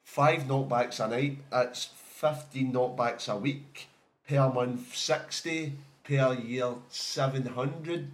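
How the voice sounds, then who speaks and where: A man's voice: mid-range voice, steady tone, slow. A young man chatting casually on a podcast, laughing often and swearing as he tells stories. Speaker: podcast co-host. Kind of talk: casual chat.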